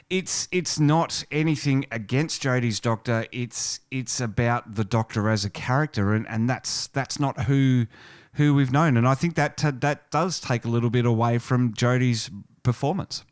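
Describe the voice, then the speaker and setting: A man co-hosting a casual podcast in a middle-range voice, recorded close and dry. He speaks haltingly, restarting words as he works toward his point or poses a question to his co-host. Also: mid-range voice, clean tone, dry recording. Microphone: studio microphone.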